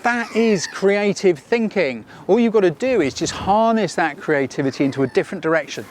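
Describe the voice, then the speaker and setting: A man coaches beginner photographers outdoors, launching into a casual, energetic rant full of emphatic repetition and the odd sarcastic aside. His voice sits high, his pace is moderate, and there's slight background noise.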